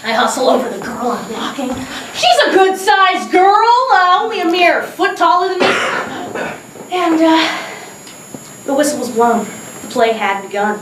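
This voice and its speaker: A woman telling a comic story about herself to an audience, animated and laughing, with bursts of shouting. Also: very high-pitched, measured pace. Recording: echoey room heard from a distance, noisy.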